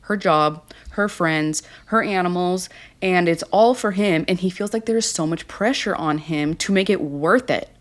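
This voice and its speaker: A woman's voice: on the low side, unhurried. A woman casually recapping a reality show, blunt, snarky and exasperated.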